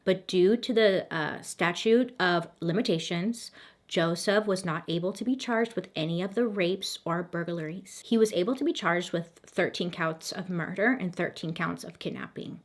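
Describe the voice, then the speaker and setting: A woman telling a true crime story to camera in a casual, chatty way, with dry sarcastic asides and a voice going hoarse. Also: fairly low pitch, normal speed. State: hoarse, losing her voice.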